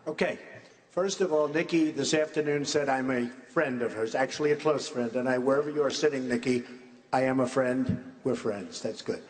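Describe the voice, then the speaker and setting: A man's voice: medium pitch, moderate pace, slight background noise. Blunt man in an echoey debate hall. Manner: blunt, repetitive, conversational. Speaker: presidential candidate. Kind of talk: political debate answer. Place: large debate hall on stage.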